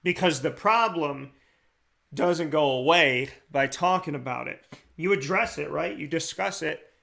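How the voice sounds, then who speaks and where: A fairly high-pitched, creaky voice, pushed and bright, belongs to an American radio show host who takes his time. His heartfelt talk show monologue is earnest and passionate, and he repeats key phrases to drive them home.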